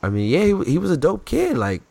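A man chatting casually about sports as a podcast co-host, telling stories in an animated, slangy way. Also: fairly high pitch, fairly quick, vocal fry, breathy edge, dry recording.

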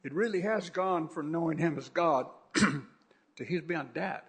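A man's voice: on the high side, measured pace, fairly bright tone, breathy edge. A man who is a pastor, preaching a fervent sermon that repeats itself and often restarts.

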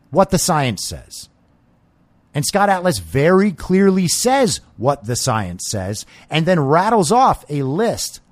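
A man's voice: a little high, dry recording. A man hosting a political commentary podcast, talking in a blunt, emphatic and opinionated way into a close microphone. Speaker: podcast host.

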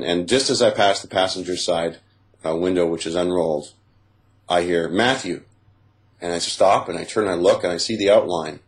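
A man with a very deep, low voice tells his own story as a personal testimony. He speaks haltingly and deliberately, with frequent fillers and restarts. He walks through each moment in careful detail.

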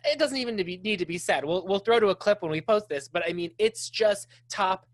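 An enthusiastic, lively woman host. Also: medium pitch, brisk. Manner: enthusiastic, gushing fan. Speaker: podcast host. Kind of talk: conversational interview.

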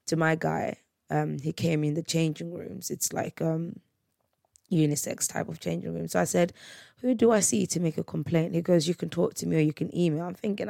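Gravelly woman telling a story. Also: deep voice, no echo, clean studio sound. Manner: animated retelling, acts out both sides of a dispute. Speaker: podcast host. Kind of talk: casual storytelling.

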